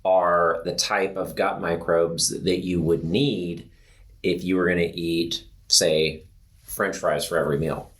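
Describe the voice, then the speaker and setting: A man with a very low voice co-hosting a relaxed health podcast. He rambles through his points with plenty of "like" and "um", and he laughs easily. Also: measured pace. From Pacific Northwest of the US. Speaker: podcast co-host. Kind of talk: casual health podcast chat.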